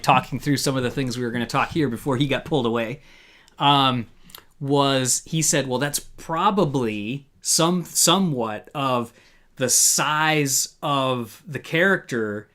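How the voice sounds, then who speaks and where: Male host, mid pitch, rambling and upbeat, filler-heavy casual chat. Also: a bit bright. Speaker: podcast host. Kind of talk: casual live review chat.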